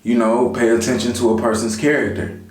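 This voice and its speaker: Speaking at medium pitch in a level tone and a little fast, this man vlogs casual motivational life advice directly to his viewers, often dropping "you know." Soft music plays behind him, and the room is echoey.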